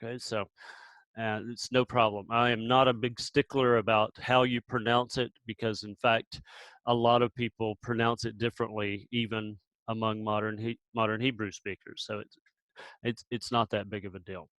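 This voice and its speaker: In a voice on the low side, a man calmly walks through Biblical Hebrew pronunciation, saying sounds slowly over and over and sometimes pausing or starting again. The audio is poor, though without any room sound.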